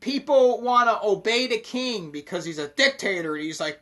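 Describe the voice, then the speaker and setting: A man's voice: high-pitched, animated, normal speed, hardly any pauses, sharp tone. A man explaining mystical ideas in a casual, rambling monologue, swearing constantly and emphatically.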